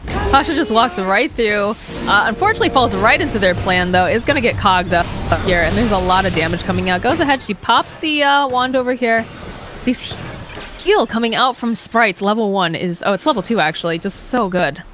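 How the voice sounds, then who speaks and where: A woman casting a live esports match, chatty and quick to laugh, acting out what the players might be thinking. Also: mid-range voice, over music. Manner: chatty, laughs easily, acts out players' thoughts. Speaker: esports caster. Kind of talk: live play-by-play commentary.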